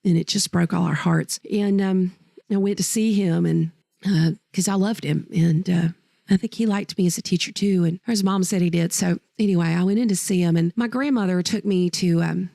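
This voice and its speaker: A woman's voice: lowish voice, fairly even intonation, normal speed, gravelly, dark tone, dry recording, studio quality. A woman teacher and podcast host telling personal stories in a heartfelt, rambling way, often correcting herself mid-sentence. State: choked up. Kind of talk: personal storytelling.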